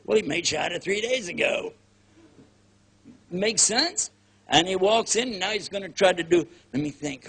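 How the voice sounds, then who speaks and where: Folksy older Texan preacher, husky voice. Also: male voice, on the high side, expressive, fairly quick, a bit bright. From Texas, USA. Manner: folksy, joking, acts out scenes in quoted voices. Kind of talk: casual lecture.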